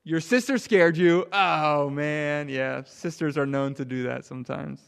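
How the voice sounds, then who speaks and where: A man leading a children's sermon, asking the kids questions and swinging from loud emphasis down to a near hush. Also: a little high, unhurried, vocal fry, clear, resonant tone. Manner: animated, drops to a hush for emphasis. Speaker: pastor.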